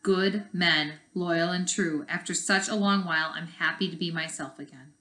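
A woman voicing a gruff red-faced male warrior captain in a low, quiet, solemn voice. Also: fairly even intonation, normal speed, roomy sound.

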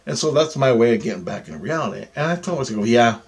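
Man, casual vlog monologue, average pitch, rambling, heavy cursing, muttered then excited. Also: quick pace, vocal fry. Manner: rambling, profanity-heavy, swings between muttering and excited outbursts; restarts and repeats himself often. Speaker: vlogger recounting personal experiences.

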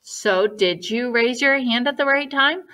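A woman's voice: a little high, unhurried, sharp tone, slight background noise. A woman music teacher giving a children's lesson online in a patient, sing-song teacherly way.

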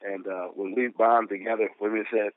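Low-voiced man pastor on phone. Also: fairly even intonation, a little fast, no room sound. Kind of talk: closing remarks on a conference call. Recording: tinny phone line.

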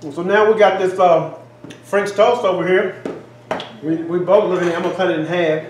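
This cooking channel co-host has a high-pitched voice with fairly even intonation and talks a little fast. Exclaiming and chatting in a folksy style during a casual taste test, he's recorded in an echoey kitchen with faint ambience and background noise.

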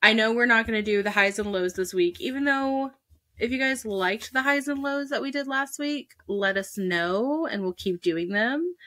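A woman co-hosts a casual podcast in a mid-range, somewhat bright voice. She is chatty and giggly, frequently cutting herself off mid-sentence.

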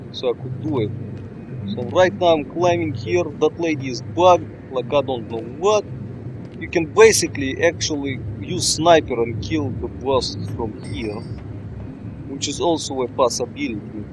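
A man talks through a stealth game in broken English. His voice sits a little high, and he speaks slowly and deliberately. Between the calm stretches he breaks into loud, excitable outbursts, with faint noise in the background. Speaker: gameplay commentator. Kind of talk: casual let's-play commentary.

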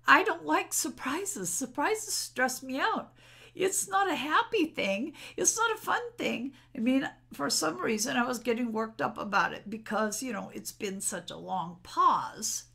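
Her voice is fairly high, expressive, and forceful, bright yet husky, with vocal fry and a measured pace. This middle-aged spiritual vlogger speaks unscripted to her camera at home, recorded on its mic, and rambles candidly about personal matters.

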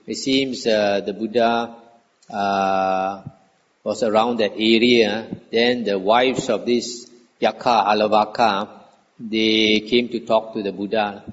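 Older monk giving a dhamma talk, lots of uhs, long reverb in a big hall. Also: male voice, on the low side, highs cut off, slight background noise. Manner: measured, hesitant with frequent fillers. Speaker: Buddhist monk teacher. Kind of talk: Dhamma talk reading and explaining scripture.

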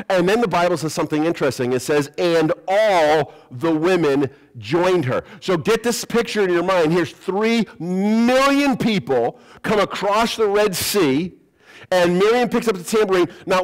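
A man's voice: on the high side, rough recording. A man preaching a sermon as pastor, telling stories with humor and acting out quoted voices. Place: church sanctuary.

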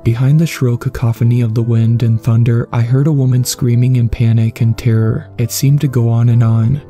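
A man reading a horror story aloud in a measured, ominous storytelling style. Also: mid-range voice, dark tone. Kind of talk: scripted horror narration. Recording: faint music underneath.

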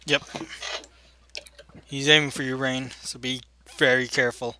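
A man chatting casually with teammates over voice chat while playing a game, excitable and quick to swear when startled. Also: medium pitch, a little hiss or hum. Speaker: gamer on voice chat.

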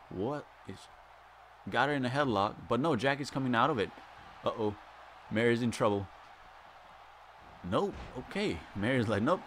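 A man calling a wrestling video game match play by play, playful and excitable, with sudden loud exclamations, sitting very close to the mic. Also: mid-range voice, a little hiss or hum.

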